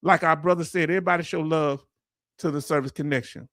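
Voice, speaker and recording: A middle-aged man with a drawl holds forth on his livestream, blunt and impassioned as he answers his chat. His voice sits fairly high for a man. The sound is dry and close, with no room echo. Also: steady tone, quick pace, a bit bright. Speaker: veteran livestream host. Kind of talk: casual livestream rant.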